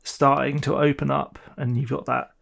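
A young man co-hosting a casual podcast, talking in a relaxed, hesitant way with many ums. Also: mid-range voice, moderate pace, vocal fry, husky. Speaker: podcast co-host. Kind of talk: casual chat.

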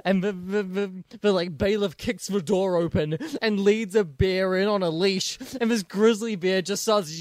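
A man co-hosts a casual, comedic movie chat. He retells scenes eagerly and stumbles over his own restarts. His voice is a bit high and dry, close to the mic. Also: steady tone, moderate pace, hardly any pauses, darkish tone, dry recording. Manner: retells scenes with many restarts and acted-out quotes. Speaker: podcast co-host.

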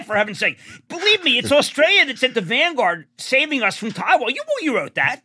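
An older man with a high, bright voice that swoops all over as he talks. He rambles in an animated, casual way as an interview guest, circling back and restarting. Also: breathy edge. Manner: animated, rambling, quick jumps in pitch.

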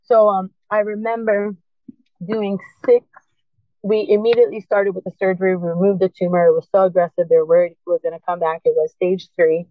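A woman with a mid-range voice and level tone speaks briskly, earnestly and emotionally sharing a personal testimony and acting out remembered dialogue. The recording is dry and tinny, like a phone, with no echo.

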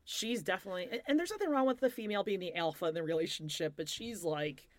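A woman in her fifties co-hosting a casual chat, animated and blunt, acting out quotes as she recaps. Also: on the low side, fast, dry recording. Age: 50s. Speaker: podcast co-host.

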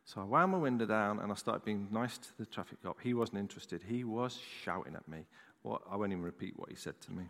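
Candid storytelling preacher in an echoey hall. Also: male voice, fairly low pitch, animated, brisk, creaky, few pauses, a bit bright. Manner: storytelling, candid, chatty asides to the audience. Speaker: pastor. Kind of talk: sermon.

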